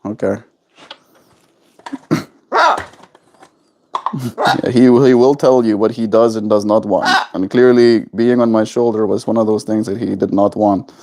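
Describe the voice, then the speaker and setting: A man chatting casually on a live stream from home in a gentle, unhurried way, talking to his pet and answering viewer comments. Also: fairly low pitch, fairly even intonation. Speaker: livestreamer.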